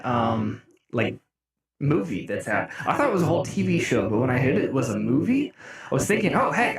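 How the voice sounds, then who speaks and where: A young man streaming live, chatting casually with his viewers, laughing often and breaking into mock-outraged shouts. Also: medium pitch. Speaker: music streamer. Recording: roomy echo.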